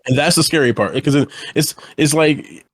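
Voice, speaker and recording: A man's voice: a little high, animated, normal speed, breathy edge, dry recording. A young man co-hosting a podcast, chatting casually in a rambling, profane, exasperated way and laughing often. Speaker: podcast co-host. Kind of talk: casual chat.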